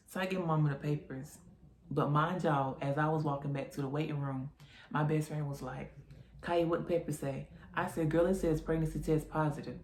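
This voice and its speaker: A woman's voice: sits low, fairly quick, a little hiss or hum. Young woman telling a story in a roomy echo. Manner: animated retelling with quoted voices. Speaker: vlogger. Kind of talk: casual storytime.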